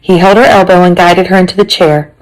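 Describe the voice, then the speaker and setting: A woman teacher reading a chapter book aloud to her class, expressive and chatty, with asides to her listeners. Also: on the low side, brisk, poor audio.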